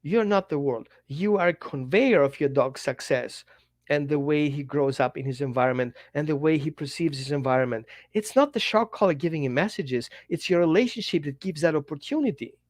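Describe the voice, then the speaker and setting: A man dog trainer giving an animated teaching talk straight to the viewer, in slightly non-native English, acting out little quotes as he goes. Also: a little high, fairly quick, dry recording. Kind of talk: direct-to-camera teaching talk.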